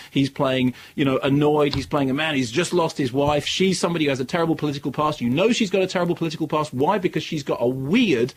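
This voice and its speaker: Sardonic male film critic, lively rant, slightly high voice. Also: a little hiss or hum. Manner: sardonic, animated ranting. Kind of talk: radio film review.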